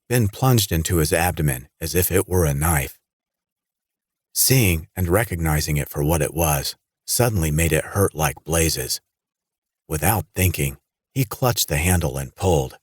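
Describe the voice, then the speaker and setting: Deep husky guy reading a horror audiobook, lively, dry close sound. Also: no echo. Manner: dramatic, lively storytelling. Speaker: audiobook narrator. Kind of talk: scripted horror narration.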